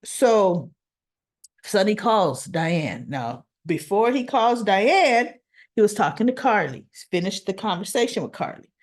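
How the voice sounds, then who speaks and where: A woman casually recapping a soap opera episode, retelling scenes in an animated way and acting out what the characters say. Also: mid-range voice, measured pace.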